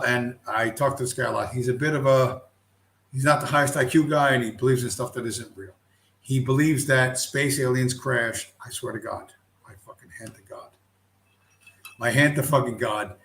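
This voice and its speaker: A man's voice: medium pitch, fairly bright tone. A middle-aged man hosting a casual livestream, ranting bluntly with heavy profanity. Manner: blunt, heavily profane, heated. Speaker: livestream host. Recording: roomy echo.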